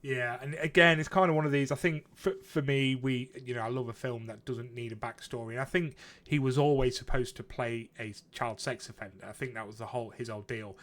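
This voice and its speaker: A man's voice: mid-range voice, fairly even intonation, a little fast, hardly any pauses, fairly bright tone. Chatty man, casual podcast host. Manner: chatty, swears freely, laughs at own stories. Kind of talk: casual chat.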